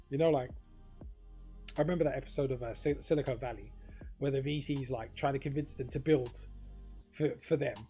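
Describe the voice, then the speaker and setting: Man, casual vlog monologue, rambling, swearing, mid-pitched voice, faint music underneath. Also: normal speed, pauses often, mellow, husky. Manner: rambling, swears freely, heavy filler words. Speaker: crypto vlogger.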